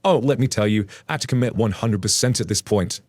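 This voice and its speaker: A man with a lowish voice narrates a story aloud, then chats casually about it, animated and playful as he tells it. He talks fast, and the recording is dry.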